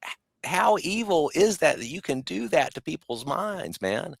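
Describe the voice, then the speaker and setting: A man's voice: a little high, a little slow, gravelly, slightly rough, no room sound. Emphatic man in his fifties, dry sound. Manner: animated and emphatic, with mocking asides. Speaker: podcast guest. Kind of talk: casual conversation.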